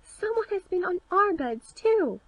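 A woman voicing seven little dwarf men in a storybook reading, speaking in high, excited exclamations. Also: unhurried, no room sound, rough recording. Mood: alarmed.

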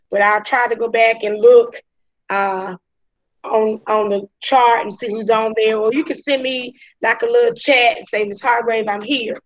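On a muffled video call, a woman teacher with a slightly high voice talks casually with her class. She takes the roll and introduces herself in a chatty Southern US manner.

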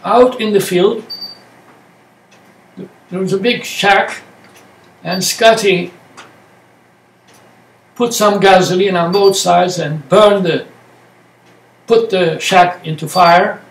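Slow, high-voiced man talking about meditation. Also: steady tone. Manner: short halting phrases, plain words. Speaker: meditation teacher. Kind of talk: slow reflective talk. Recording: echoey room, distant mic, faint noise.

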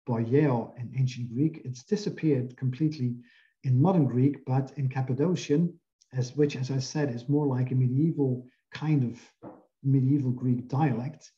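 A male linguistics professor lectures at normal speed in a mellow, medium-pitched voice, walking through his slides one by one. The recording sounds muffled.

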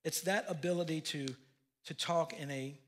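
A man's voice: a little high, moderate pace. An older man preaching a sermon as pastor, telling folksy family stories with asides. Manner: folksy storytelling with laughs and asides.

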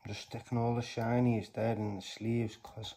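A man chatting casually to viewers as he opens card packs, bursting into loud exclamations between quieter mumbled remarks. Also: mid-range voice, little pitch movement, normal speed, background noise. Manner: slangy, chatty address to viewers. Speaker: YouTuber opening trading card packs. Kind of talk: casual vlog commentary.

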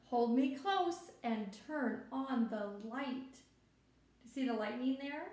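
A woman with a high, bright voice reads a picture book to little children, slow and unhurried. She is gentle and expressive, stopping to point things out to her young listeners. The room adds a noticeable echo. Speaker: children's story time reader.

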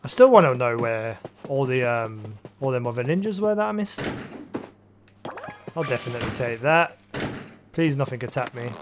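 A man's voice: medium pitch, lively intonation, moderate pace, long pauses. A man playing a video game and casually thinking aloud, muttering with fillers as he commentates. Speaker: gaming channel host. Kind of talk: let's play commentary. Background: background music.

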